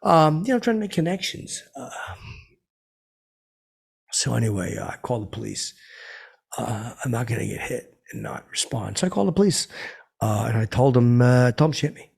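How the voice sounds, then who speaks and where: A middle-aged man telling a rambling, boastful comedic story, stammering often, with a gravelly, raspy voice. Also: medium pitch, sing-song, moderate pace, pauses often, a little mellow. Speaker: comedic character host telling stories.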